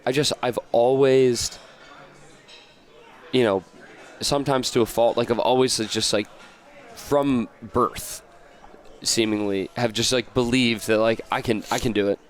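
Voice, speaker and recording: A man's voice: mid-range voice, fairly even intonation, unhurried, long pauses. A man from the United States, a podcast guest, talking in a casual, rambling way with many fillers and restarts. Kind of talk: casual interview chat.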